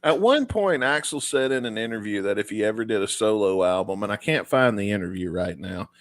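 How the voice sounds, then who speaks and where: A man's voice: on the low side, lively intonation, brisk, no room sound. A man co-hosting a podcast in casual chat, bantering and joking with profanity. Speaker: podcast co-host.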